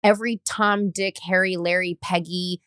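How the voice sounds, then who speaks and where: A woman's voice: lowish voice, steady tone, normal speed, a bit bright, smooth, dry recording, studio quality. A young woman hosting a podcast, chatting in an enthusiastic, encouraging way. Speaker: podcast host. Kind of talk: casual chat.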